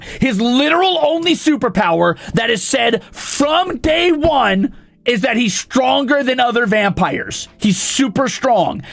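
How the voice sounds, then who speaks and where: A man streaming, ranting indignantly and profanely, often breaking into shouts. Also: very high-pitched, gravelly. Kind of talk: casual stream rant.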